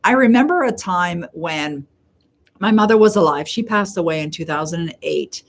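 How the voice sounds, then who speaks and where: A middle-aged woman from Canada hosting a live Q&A, telling stories in a chatty way and slowing down to stress her advice. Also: lowish voice, lively intonation. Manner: chatty storyteller, acts out quoted voices; slows and stresses key points. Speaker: host answering viewer questions. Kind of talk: live Q&A coaching talk.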